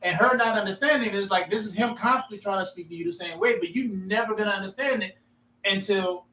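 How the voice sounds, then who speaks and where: A man's voice: high voice, sharp tone, distant mic. A man in a group discussion, telling stories and acting out quoted lines. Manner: quick, storytelling, acts out quoted lines. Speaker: discussion participant. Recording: roomy, off-mic with faint ambience.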